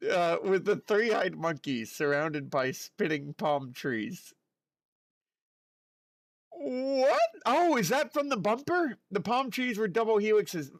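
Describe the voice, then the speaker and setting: A man chatting playfully on a livestream, his voice leaping up and down in pitch. He talks at an easy, unhurried pace, keeps up a running banter with his audience, and sounds close and dry on his mic. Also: fairly bright tone, no room sound. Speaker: streamer. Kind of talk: casual livestream chat.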